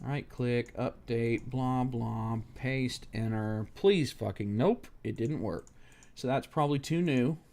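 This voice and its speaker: Speaking slowly at a medium pitch, with vocal fry and a somewhat mellow tone, this man offers live-stream tech commentary while fixing a laptop. He curses a website in frustrated outbursts and quietly mumbles through the technical steps.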